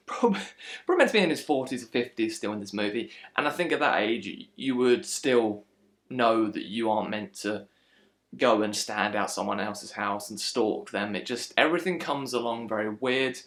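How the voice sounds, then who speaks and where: A man's voice: mid-range voice, normal speed, a bit bright. A man giving a casual, frustrated film critique, slipping into mocking impressions. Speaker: film reviewer.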